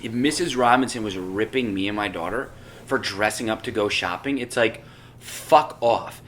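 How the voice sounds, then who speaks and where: A man's voice: lowish voice, normal speed, fairly bright tone, slight background noise. A young adult man co-hosting a casual podcast, swearing a lot and working himself up into rants. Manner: profane, ranting, gets worked up. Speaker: podcast co-host.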